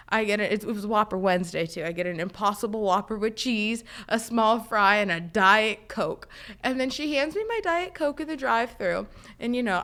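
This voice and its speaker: A young woman co-hosting a podcast, telling a story in casual chat with lots of "like" fillers. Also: mid-range voice. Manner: storytelling, animated, many "like" fillers. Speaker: podcast co-host.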